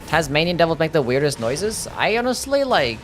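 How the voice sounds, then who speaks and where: A man's voice: on the high side, sing-song, fairly quick, a bit bright, slight background noise. Laid-back streamer man. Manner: laid-back, swears, reads chat aloud. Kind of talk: casual live game commentary. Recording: faint music behind.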